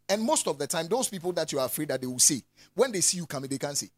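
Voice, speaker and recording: A man preaching a lively sermon, swinging from loud calls to soft asides and laughing often. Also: fairly high pitch, rapid-fire, no echo.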